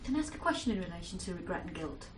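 A woman's voice: lowish voice, very animated, far from the mic, a little hiss or hum. Hesitant woman asking from the audience. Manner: hesitant, halting, many restarts. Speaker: audience member asking a question. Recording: roomy sound from off-mic.

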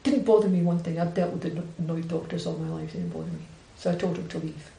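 Scottish nun telling a story, blunt and animated, gravelly voice, echoey room. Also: female voice, on the low side, fast, a little hiss or hum. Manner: direct, animated storyteller who acts out quoted dialogue. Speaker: Buddhist nun. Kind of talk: recounting a personal story in conversation.

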